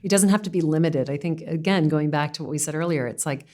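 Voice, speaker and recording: A woman speaks in a low register as a podcast guest. She reflects earnestly in casual conversation and often breaks into laughter. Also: quick pace, dark tone.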